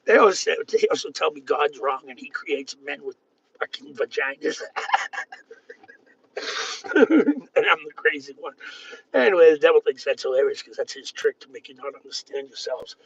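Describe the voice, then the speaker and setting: Raspy, gravelly man. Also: expressive, a little fast. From Boston area. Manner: profane, erratic, swings between yelling and low muttering. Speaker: livestreamer. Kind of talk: angry livestream rant. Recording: dull lo-fi sound.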